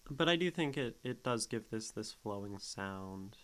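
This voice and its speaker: A man with a fairly low voice picks apart a poem in an easygoing livestream chat. He talks slowly and thinks out loud, tapping out the beats and trying the sounds of single syllables. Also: expressive, poor audio. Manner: musing, thinks aloud, sounds out rhythms and syllables. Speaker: streamer critiquing poetry. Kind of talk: casual livestream poetry analysis.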